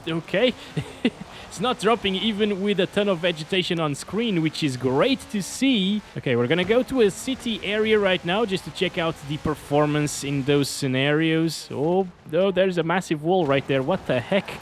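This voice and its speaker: Lively high-voiced man reviewing hardware. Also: moderate pace, slight background noise. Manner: upbeat, chatty, laughs often, drops to mumbled asides. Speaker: tech reviewer host. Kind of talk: casual hardware review commentary.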